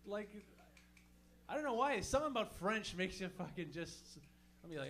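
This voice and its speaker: A man's voice: a little high, lively intonation, normal speed, fairly bright tone. A man from Montreal doing a stand-up set, loose and profane, chatting with the crowd between jokes. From Montreal, Canada. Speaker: stand-up comedian. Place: comedy show in a small venue.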